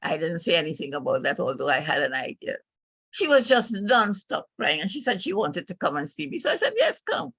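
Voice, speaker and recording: An older woman tells a family story as a speech, speaking like a storyteller. Her voice is bright and forceful, and her delivery is emotional and halting. The recording is dry and close. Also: deep voice, expressive, breathy edge, no room sound. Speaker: speaker at a club meeting.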